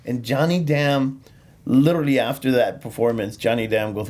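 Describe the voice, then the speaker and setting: A man's voice: mid-range voice, fairly even intonation, moderate pace, darkish tone. Laughing, rambling male comedian telling stories. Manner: rambling, laughs often, lots of fillers and restarts. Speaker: stand-up comedian. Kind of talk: casual podcast storytelling.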